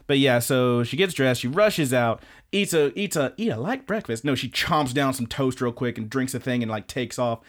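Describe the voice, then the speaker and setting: A young man co-hosting a podcast, recapping an anime in an animated, rambling and profane way. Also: medium pitch, moderate pace, few pauses. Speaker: podcast co-host. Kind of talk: casual anime recap chat.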